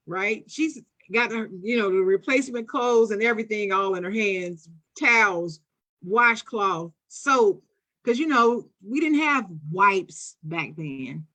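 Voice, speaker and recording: A woman's voice: medium pitch, unhurried. A woman with a Philadelphia accent telling a childhood story on a casual podcast, acting out the voices she quotes. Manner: animated, acts out quoted voices. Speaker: podcast co-host.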